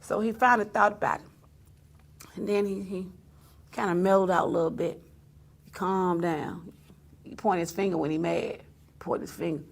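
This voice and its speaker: A woman's voice: fairly low pitch, fairly even intonation, moderate pace, vocal fry, pauses often. A woman hosting a talk show, telling a long story with frequent laughter and exclamations. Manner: laughing often, mimicking others in quotes, exclaiming. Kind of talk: animated storytelling monologue.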